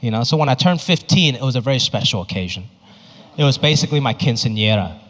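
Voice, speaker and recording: A male stand-up comedian performing his set on a comedy club stage into a handheld mic, animated and acting out voices. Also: medium pitch, fast, very noisy. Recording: echoey club with faint crowd.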